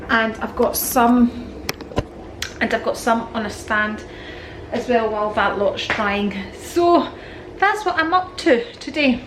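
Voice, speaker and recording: High-voiced chatty woman in her fifties. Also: noisy background. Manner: chatty, rambling, homely. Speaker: lifestyle vlogger. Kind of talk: casual chat to camera. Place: at home.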